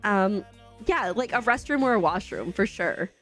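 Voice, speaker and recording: A woman's voice: medium pitch, big pitch swings, moderate pace, a bit bright, faint music behind. A chatty woman with a light Canadian accent, laughing often as she talks casually to her live-stream chat while gaming. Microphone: desk microphone.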